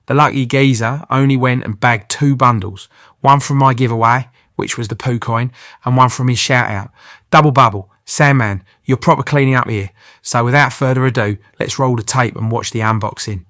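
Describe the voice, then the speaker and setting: A man narrates the channel in a cheeky, joking voice full of British slang. His voice sits at a middle pitch and sounds dry and close, as if recorded straight into the mic with no room sound. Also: moderate pace, a bit bright, no room sound. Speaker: channel host. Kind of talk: scripted comic voice-over narration.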